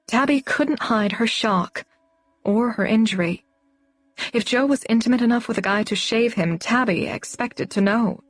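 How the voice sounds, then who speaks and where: A woman narrating a novel as an audiobook in a steady, even storytelling voice. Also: fairly high pitch, moderate pace.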